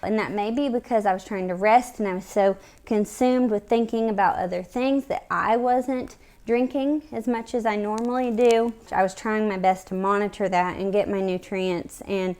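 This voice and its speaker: A woman's voice: mid-range voice, normal speed, hardly any pauses, a little mellow. A woman, vlogging casually and candidly to her viewers while short of breath. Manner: conversational, candid, chatty with fillers. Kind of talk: casual health vlog to camera.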